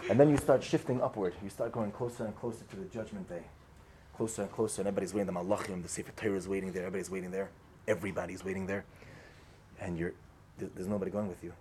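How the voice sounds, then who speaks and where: Mellow low-voiced man telling a parable. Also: fairly even intonation, rapid-fire, a little hiss or hum. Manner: conversational, repeats phrases, acts out quoted voices. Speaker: speaker telling a Torah parable. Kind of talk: casual storytelling sermon.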